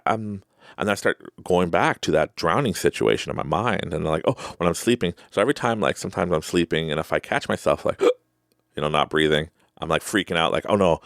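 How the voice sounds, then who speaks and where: A middle-aged man with an extremely deep, gravelly voice tells a personal story on his podcast. His pitch swings widely as he rambles, restarts and laughs. The sound is dry and close. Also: a bit bright, no echo. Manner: rambling, self-interrupting, laughs often. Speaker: podcast host.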